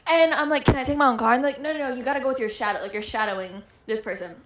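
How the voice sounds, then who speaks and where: A woman's voice: sits high, rapid-fire, background noise. Young woman telling a profane story. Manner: profane, acts out quoted lines. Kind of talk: casual storytelling chat.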